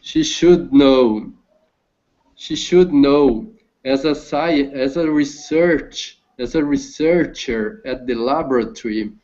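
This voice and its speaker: A man learning English, reading a text aloud over a video call with halting restarts. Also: a little high, a little mellow. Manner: halting, restarts words, careful slow reading. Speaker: language student. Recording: dull lo-fi call audio.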